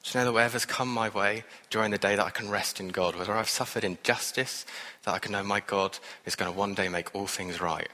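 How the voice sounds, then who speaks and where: A man preaching a sermon with a lowish, bright, forceful voice. He speaks earnestly and conversationally, with wry asides. His words ring out with the long reverb of a church hall. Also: steady tone, brisk.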